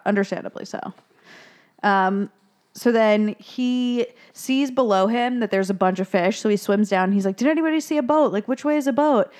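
Casual woman recapping a film. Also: medium pitch. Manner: casual, swears freely, acts out lines in quick bursts. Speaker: podcast co-host.

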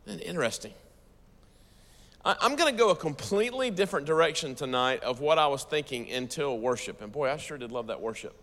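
A man with an American accent preaching a sermon to a church audience, talking fast and lively and turning to the crowd with questions. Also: on the high side, in a large hall. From United States. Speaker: pastor.

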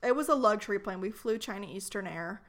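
A young woman co-hosting a relaxed conversation about a trip she planned. She tells her stories in an animated way and plays up mock outrage for laughs. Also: medium pitch, fast talker. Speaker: podcast co-host. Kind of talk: casual chat.

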